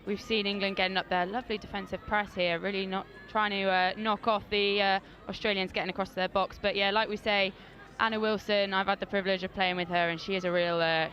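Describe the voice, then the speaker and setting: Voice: mid-range voice, pushed and bright. A co-commentator and former player giving chatty, hesitant analysis at an outdoor sports ground. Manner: chatty, hesitant with fillers, laughs easily.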